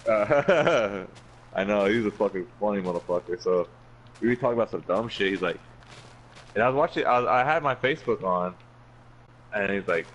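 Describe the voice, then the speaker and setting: Laid-back low-voiced man telling stories. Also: a bit bright, a little hiss or hum, poor audio. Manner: profane, laughing, acts out quoted friends. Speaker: podcast host. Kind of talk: casual chat, storytelling.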